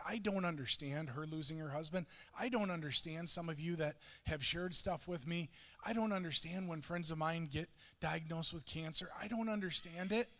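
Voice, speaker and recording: A man's voice: fairly high pitch, moderate pace, a bit bright. A man preaching a sermon, telling a story earnestly with frequent restarts. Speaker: pastor. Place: church sanctuary. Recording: long reverb of a church hall.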